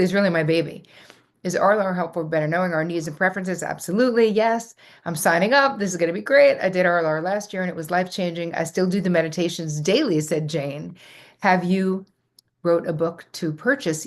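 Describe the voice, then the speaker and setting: A middle-aged woman hosting a live workshop, reading out viewer comments and answering them with effusive enthusiasm. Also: lowish voice. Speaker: host.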